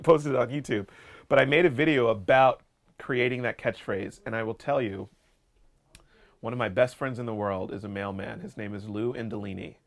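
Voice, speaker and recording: A young man guesting on an interview, joking playfully and laughing often as he tells stories. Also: mid-range voice. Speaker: actor guest.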